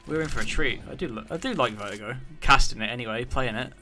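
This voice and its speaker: A British esports caster in his thirties calls a match on his own, doing solo play-by-play and chatting with his stream chat between plays. His mid-range voice moves fast and has a sharp tone.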